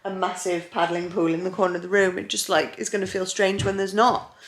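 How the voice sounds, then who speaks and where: A woman's voice: lowish voice, level tone, fairly quick, echoey room. A young woman, heavily pregnant, chatting casually to camera at home and sounding a little out of breath. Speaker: vlogger. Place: living room at home.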